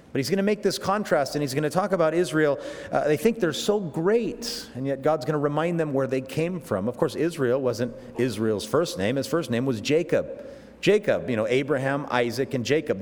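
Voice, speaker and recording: Animated preacher in a reverberant hall, male. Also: mid-range voice. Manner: animated, swings between loud emphatic peaks and quiet slow asides, many restarts. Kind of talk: expository sermon.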